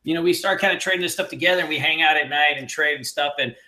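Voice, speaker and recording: High, bright energetic webinar host. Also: male voice, fast. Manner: energetic, loose, joking, many fillers. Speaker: webinar host and trading mentor. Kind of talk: casual live webinar chat. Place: home.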